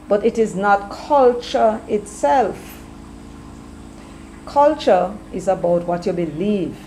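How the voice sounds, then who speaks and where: A Jamaican woman hosting casual commentary, chatty, slipping between patois and English, her throat a little hoarse. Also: on the low side, mellow, slight background noise, low-quality recording. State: slightly hoarse, clearing throat. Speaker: commentary channel host.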